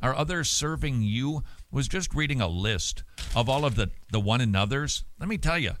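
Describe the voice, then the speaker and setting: A man hosting a show, answering listener mail in casual talk, animated and emphatic with many restarts and repeated words. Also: medium pitch, moderate pace, a little hiss or hum. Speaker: radio show host.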